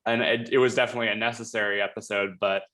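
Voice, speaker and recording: A man's voice: fairly low pitch, steady tone, sharp tone. Man chatting in a rambling review. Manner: quick, rambling, heavy on fillers and restarts. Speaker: show host reviewing a TV episode. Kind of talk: casual review chat.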